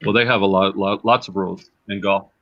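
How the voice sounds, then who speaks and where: Casual man host, low voice, chatty and self-repeating, slightly dull lo-fi audio. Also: steady tone, a little fast. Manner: chatty, repeats words as he thinks aloud. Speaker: livestream host and reseller. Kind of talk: casual livestream chat.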